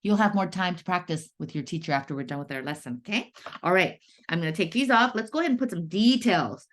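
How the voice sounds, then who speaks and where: A woman teaching first graders to write, her voice swooping up and down in a patient sing-song. She stretches key words out slowly and checks in with the class often. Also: on the low side, lively intonation. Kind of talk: classroom writing lesson.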